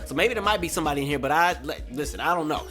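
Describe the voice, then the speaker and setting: Here a podcast host in his twenties talks rapid-fire in a slightly high voice, soft background music in the mix. He casually and animatedly tells a story, raising his voice to act out what people said.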